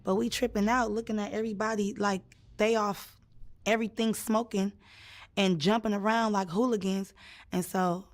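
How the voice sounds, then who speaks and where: A young woman telling a story in a casual chat, animated and acting out the people she quotes. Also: mid-range voice, normal speed. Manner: animated, acts out quotes with sudden loud jumps. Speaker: storyteller in a clip.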